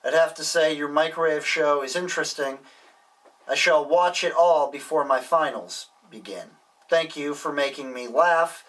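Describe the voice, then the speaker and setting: A man's voice: fairly high pitch, normal speed, a bit bright, distant mic, low-quality recording. A young man reading viewer postcards aloud in a casual vlog, adding dry, wisecracking asides. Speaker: YouTuber reading viewer mail.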